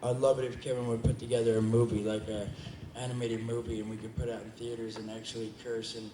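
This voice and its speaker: A man's voice: medium pitch, flat delivery, quick pace. A man answering audience questions at a convention panel, rambling, joking and swearing freely. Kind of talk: casual audience Q&A. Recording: echoey hall with background noise.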